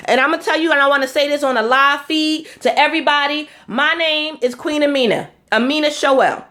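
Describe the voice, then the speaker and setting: A woman's voice: sits high, normal speed, hardly any pauses, fairly bright tone. A woman blogger giving a fiery, preachy live-stream address, repeating herself and swearing bluntly. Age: adult with four children.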